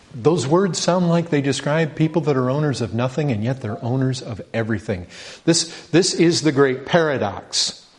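Impassioned preacher man, rising rhetorical questions. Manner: animated, rhetorical questions, pitch rising with emphasis. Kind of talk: sermon.

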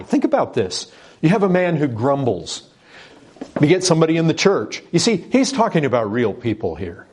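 A man's voice: medium pitch, a little mellow, slightly rough. A middle-aged man preaching a sermon as pastor, emphatic and repetitive, asking rhetorical questions.

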